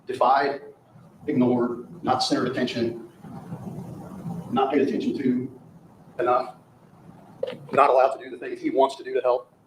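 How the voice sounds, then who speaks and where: A man's voice: mid-range voice, level tone, moderate pace, long pauses. A man delivering a courtroom closing argument as prosecutor, emphatic and rhetorical, often repeating phrases for effect. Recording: echoey courtroom audio with faint noise.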